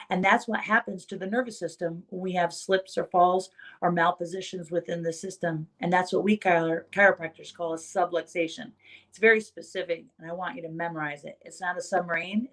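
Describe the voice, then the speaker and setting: A woman's voice: on the low side, fairly even intonation, fairly quick, fairly bright tone. A woman chiropractor giving an earnest motivational talk to fellow chiropractors. She tells stories and repeats key phrases for emphasis.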